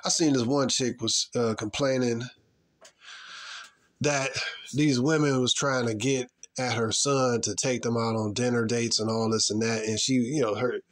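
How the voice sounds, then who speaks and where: A man's voice: medium pitch, steady tone, measured pace. A man giving his opinions in a rambling, emphatic casual monologue, full of slang. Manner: rambling, emphatic, slangy, mocking put-on voices.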